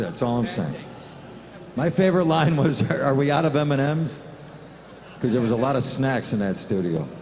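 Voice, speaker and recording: A man's voice: mid-range voice, slight background noise. A male voice actor on a convention panel, playful and teasing. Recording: echoey hall with audience.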